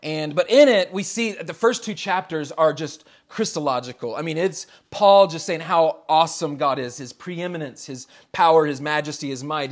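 A man in his thirties from the United States, a pastor preaching a relaxed, conversational sermon in a storytelling way, chuckling often between phrases. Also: a little high, normal speed, hardly any pauses.

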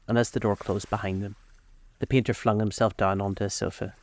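A man reads a classic story aloud in calm, measured narration. His voice is low with a gravelly edge, and he takes his time over each sentence. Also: no room sound. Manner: slow, measured reading. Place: outdoors on a lakeside deck.

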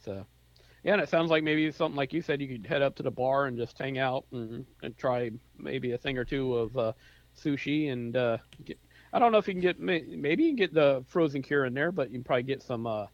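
A man's voice: mid-range voice, brisk, dry recording. Laid back american guy cohosting, lots of uhs, dry dull mic. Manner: easygoing, agreeable, hesitant with fillers. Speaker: podcast co-host. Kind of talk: casual podcast chat.

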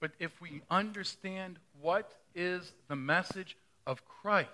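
Taking his time, a middle-aged pastor gives a sermon in a high-pitched, bright, forceful voice. He keeps it conversational and often asks the congregation questions.

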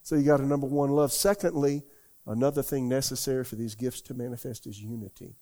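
This older pastor has a medium-pitched, steady, mellow voice and talks fast. His church sermon is folksy and conversational, rambling along as he frequently questions the congregation.

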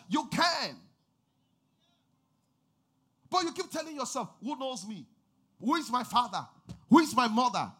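A male pastor with a very high voice delivers a sermon. His tone is bright and forceful, moving from quiet scripture reading to shouted, sing-song calls to the congregation. He speaks as a preacher working the room. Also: husky.

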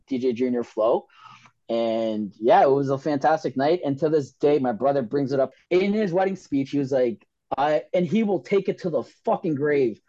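A man, telling a story on a podcast in an excitable, profane way and acting out the voices of the people in it. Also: a little high, no echo. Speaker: podcast guest. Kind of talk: casual storytelling chat. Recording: dull, dry podcast audio.

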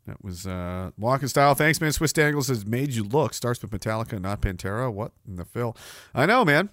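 A male livestream host who riffs on chat with a sardonic, rambling delivery. His pitch moves around a lot. The recording is dry and close to the mic. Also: no room sound. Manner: sardonic, rambling, laughs often. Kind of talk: casual livestream commentary, reading chat.

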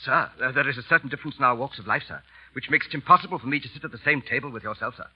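A prim valet, played by an actor speaks with rapid, slightly husky formality, bowing to every sentence. He comes through a muffled old radio broadcast. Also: mid-range voice, close to an everyday voice. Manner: prim, deferential, says sir constantly. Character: stiff, formal English gentleman's valet. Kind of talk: 1940s radio acting.

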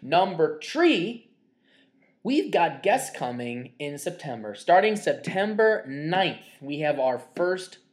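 A man's voice: a little high, sing-song, slow. A man hosting a casual podcast, rattling off upbeat announcements and plugs. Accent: put-on Chicago accent in early part. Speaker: podcast host.

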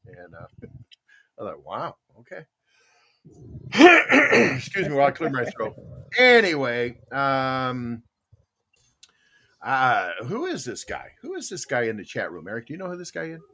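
A man's voice: medium pitch, huge pitch swings, unhurried, pauses often, sharp tone. An older man hosting a casual morning show, rambling through stories with chuckles and repeated phrases. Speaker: host.

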